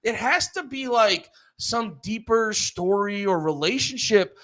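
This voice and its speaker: A young man rants his way through a casual comedy podcast, and his voice sits high and swings widely as he goes. His tone is bright and sharp, and he swears freely and laughs at his own jokes. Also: expressive, unhurried. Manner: profane, laughing, mocks with put-on voices. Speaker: podcast co-host.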